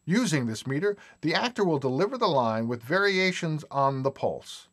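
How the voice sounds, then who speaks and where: A man giving a scripted lecture narration with measured, explanatory delivery and emphatic lists. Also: on the high side, big pitch swings, fairly bright tone.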